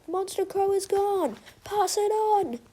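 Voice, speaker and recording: Woman reading as a steady pigeon squad leader. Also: high-pitched, normal speed. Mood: commanding. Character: calm older male pigeon squad leader.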